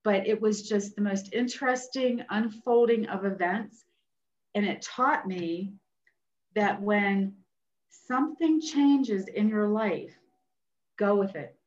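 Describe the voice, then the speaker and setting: A woman nurse practitioner telling a personal story as a guest, animated and acting out what others said. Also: medium pitch, takes it slowly. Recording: roomy, dull sound.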